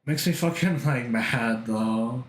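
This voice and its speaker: A man's voice: mid-range voice, slow, reverberant. A man chatting casually while drawing on a livestream, rambling, swearing a lot and laughing often. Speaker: art streamer.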